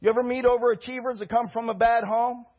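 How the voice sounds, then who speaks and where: A pastor delivering a sermon in a very high, husky voice. He preaches with animated energy, asking rhetorical questions and rising to shouted peaks. The recording sounds dull and lo-fi. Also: fast.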